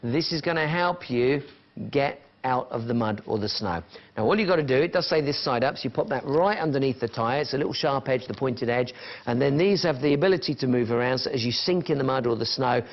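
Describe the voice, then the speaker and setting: A man's voice: medium pitch, fairly quick, highs cut off. A man presenting live on a shopping channel, chatting and counting down falling prices. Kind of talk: live TV sales pitch. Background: music.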